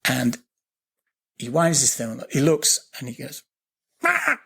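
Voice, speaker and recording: Gravelly man telling a wild story. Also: mid-range voice. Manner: vivid, swearing storyteller who repeats words and restarts; slows down and lifts his voice at tense moments. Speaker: podcast guest. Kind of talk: animated storytelling in a podcast interview.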